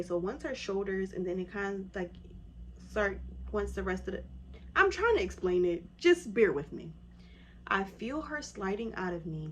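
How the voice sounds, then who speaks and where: Woman vlogger animatedly telling a story. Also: a little hiss or hum. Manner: animated, acts out quoted voices in a higher pitch. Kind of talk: casual storytelling to camera.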